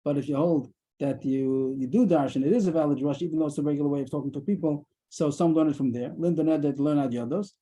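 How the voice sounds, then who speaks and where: A man teaching a daily Talmud class over a video call, explaining quickly and mixing in Aramaic terms. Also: a little high, warm tone, slightly rough, rough recording.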